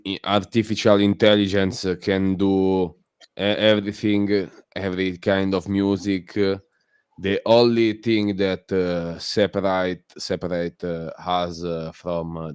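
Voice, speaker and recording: Italian-accented man, non-native English, low and unhurried, clear dry sound. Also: little pitch movement, a little mellow, no echo. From Italy. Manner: halting, many fillers and restarts. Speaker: guest caller on a community stream. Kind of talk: casual chat.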